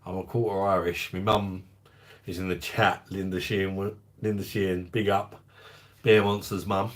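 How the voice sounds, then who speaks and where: A man's voice: deep voice, level tone, normal speed. A man hosting a casual livestream, chatting in a jokey way, laughing often and reading out and answering viewer comments. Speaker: livestream host of a beer review channel.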